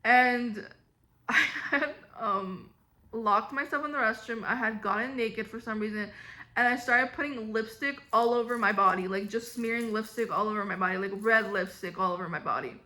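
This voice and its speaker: A woman's voice: fairly high pitch, normal speed, pushed and bright. A young woman casually telling childhood stories to the camera, rambling with lots of "like" and restarts. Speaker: vlogger. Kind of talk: casual storytelling.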